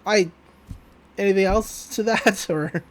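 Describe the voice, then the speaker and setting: Male podcast co-host, higher-pitched, relaxed joking recap delivery. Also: slow. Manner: loose, joking retelling with laughs and swearing. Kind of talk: casual anime episode recap.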